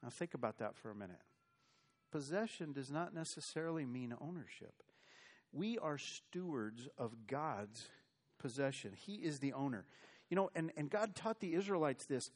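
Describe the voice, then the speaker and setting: A man's voice: medium pitch, expressive, normal speed. An American man preaching a sermon, telling Bible stories in a folksy, conversational way. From United States. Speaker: pastor.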